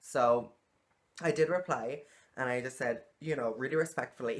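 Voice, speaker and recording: A woman's voice: a bass voice, moderate pace. Frank, exasperated woman vlogging. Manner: frank, exasperated, swears freely. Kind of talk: casual vlog monologue.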